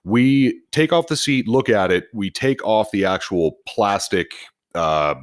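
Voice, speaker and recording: A man tells a story from work on a casual podcast. His voice sits low but swings widely in pitch as he gets into it. He swears freely and talks in a loose, animated way. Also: a little slow. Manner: animated, profane, laughing storyteller. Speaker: podcast co-host, service advisor.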